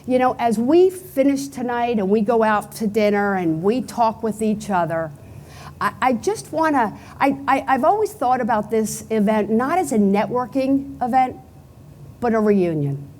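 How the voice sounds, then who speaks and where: A woman's voice: fairly high pitch, expressive, moderate pace, a little mellow, a little hiss or hum. A middle-aged woman with a Pennsylvania accent, giving an unscripted acceptance speech at a banquet, telling stories in a chatty way. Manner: chatty storytelling, acts out quotes. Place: banquet hall event.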